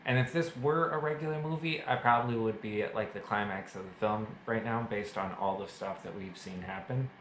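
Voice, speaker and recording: A man's voice: lowish voice, brisk, few pauses, a bit bright, echoey room, a little hiss or hum, poor audio. A man casually reviewing a movie to camera, chatty and full of fillers, with self-mocking jokes. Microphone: camera mic.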